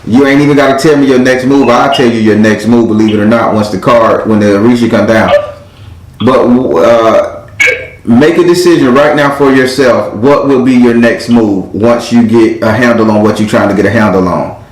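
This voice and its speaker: Blunt, profane male card reader, mid pitch, echoey room. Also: fairly even intonation, normal speed. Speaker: tarot reader. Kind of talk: live spiritual card reading.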